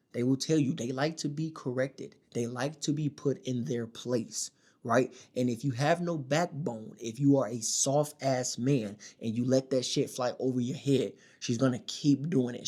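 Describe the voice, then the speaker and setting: Man in his own voice, casual advice-vlog monologue, emphatic street slang, middle pitch, not a deep voice. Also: darkish tone. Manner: emphatic, slangy, keeps checking in with "all right?" and "my dog". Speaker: dating advice creator. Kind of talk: casual direct-to-camera monologue.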